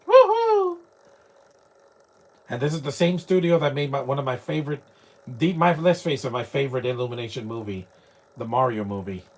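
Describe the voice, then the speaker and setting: A man giving casual live commentary while watching a movie, chatty and quick to laugh, with mocking asides. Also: medium pitch.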